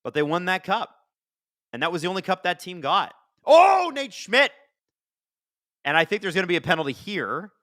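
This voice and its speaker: Bright excitable man calling hockey live. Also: high-pitched, fast talker, no echo, clean studio sound. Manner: chatty, excitable, swears casually, talks to chat. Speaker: host watching a hockey game live. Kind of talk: casual live-stream commentary.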